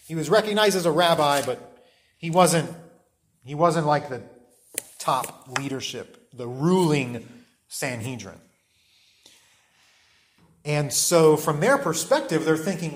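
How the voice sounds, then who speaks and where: A man's voice: a little high, animated, a little slow, long pauses. A man preaching a conversational sermon, often restarting phrases and checking in with "right?". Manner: conversational, repeats words, often asks "right?".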